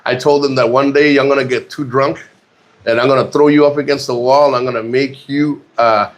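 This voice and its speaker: Talking casually to camera from a rented room, a man rambles, jokes crudely, and keeps restarting his sentences. He speaks a little fast in a mid-range voice with a steady tone.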